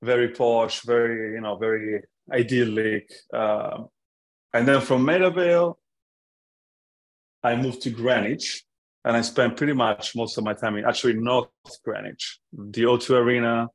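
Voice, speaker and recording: A man from Italy, a podcast guest telling stories in a relaxed, jokey way with frequent restarts. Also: mid-range voice, measured pace. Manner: storytelling, jokey, many restarts. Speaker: app founder, podcast guest. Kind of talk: casual chat.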